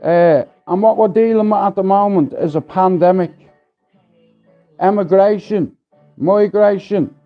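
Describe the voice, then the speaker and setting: An Irish man hosts a livestream, ranting in a blunt, profane, rambling way. His voice is high-pitched and unhurried, with soft background music behind the dull lo-fi stream audio.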